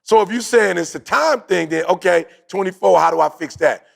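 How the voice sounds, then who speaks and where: A man in casual podcast chat, telling a story in a slangy, animated way and acting out what people said. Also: high voice, a little fast, gravelly. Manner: animated, slangy, acts out his own quotes.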